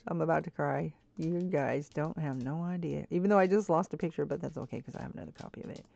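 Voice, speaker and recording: A woman streaming a game and chatting to viewers, swinging between frustrated muttering and excited squeals. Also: sits low, a little fast, creaky, few pauses, no echo. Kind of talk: casual gameplay chat. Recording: dull lo-fi stream audio.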